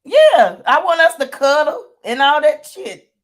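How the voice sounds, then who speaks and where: A woman co-host speaks in with a fairly high and very lively voice. Her manner is playful and full of exclamations. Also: measured pace. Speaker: podcast co-host. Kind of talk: casual chat.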